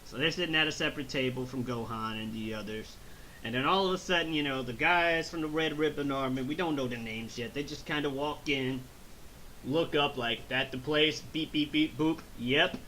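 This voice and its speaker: A man hosting a casual movie review chat, recapping scenes in an animated way with silly voices. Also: medium pitch, a little fast, a little hiss or hum, poor audio. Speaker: movie review podcast host.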